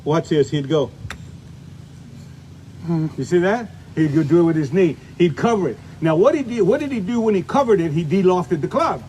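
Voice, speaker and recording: A man's voice: high-pitched, animated, moderate pace, a little mellow, a little hiss or hum. An older man giving a golf lesson outdoors, chatty and folksy, demonstrating shots as he talks. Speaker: golf instructor.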